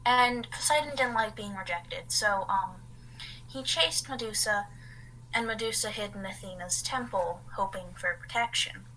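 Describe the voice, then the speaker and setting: A woman with a bright, clear tone co-hosts a casual podcast. She rambles through a story from her notes and breaks off for offhand asides. Her pitch sits at an ordinary middle height. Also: normal speed, slight background noise, low-quality recording. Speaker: podcast co-host.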